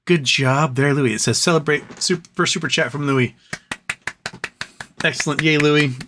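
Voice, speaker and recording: A man's voice: a little high, fairly even intonation, normal speed, background noise. A man hosting a casual livestream, reading viewer messages aloud and joking and rambling between them. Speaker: livestream host reading super chats.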